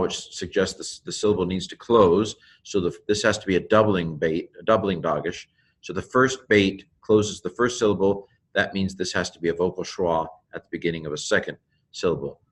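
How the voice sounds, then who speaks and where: A man's voice: sits low, a bit bright. A man teaching pronunciation informally, thinking aloud, sounding out words syllable by syllable, with many fillers and self-corrections. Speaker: Hebrew teacher.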